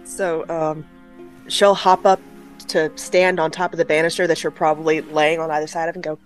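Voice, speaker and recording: A woman's voice: low-pitched, little pitch movement, moderate pace, soft background music. A woman narrating her character's actions in a tabletop game, chatty and laid-back. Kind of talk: tabletop role-play narration.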